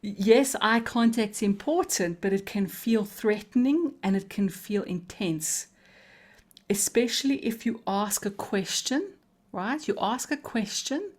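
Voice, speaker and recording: Calm, melodic woman coach teaching slowly. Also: mid-range voice. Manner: calm, slow and melodic, with deliberate pauses. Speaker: coaching trainer. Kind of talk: live coaching webinar teaching.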